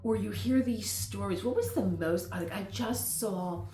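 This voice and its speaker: A woman's voice: mid-range voice, a little slow, reverberant. A middle-aged woman vlogger talking casually at home, rambling into tangents and laughing often. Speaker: lifestyle vlogger. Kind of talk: casual chat.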